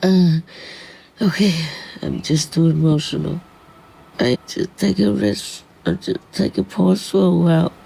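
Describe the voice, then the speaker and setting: A man speaking as a disciple to his spiritual teacher, in an earnest, halting plea of short broken phrases. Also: high voice, fairly even intonation, creaky, mellow, husky, rough recording. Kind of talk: heartfelt personal plea.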